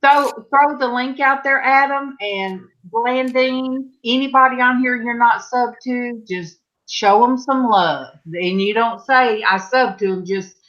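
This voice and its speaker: A woman's voice: on the high side, unhurried, hardly any pauses, fairly bright tone. Rambling middle-aged woman on a dull call line. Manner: rambling storyteller, trails off with fillers and restarts. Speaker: host of a live panel chat. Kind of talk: casual chat.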